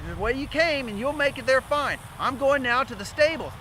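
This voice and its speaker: A friendly mouse gives plain, helpful directions in a high, lively voice, as a man puts him on. Traffic noise runs behind outdoors. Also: fairly quick, full character voice, low-quality recording.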